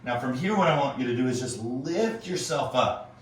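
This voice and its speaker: A man teaching a yoga class, calmly cueing breaths and movements with casual asides. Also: medium pitch, normal speed, far from the mic, a little hiss or hum. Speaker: yoga instructor. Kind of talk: guided yoga class instruction. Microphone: earbuds. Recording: very echoey room, voice off-mic.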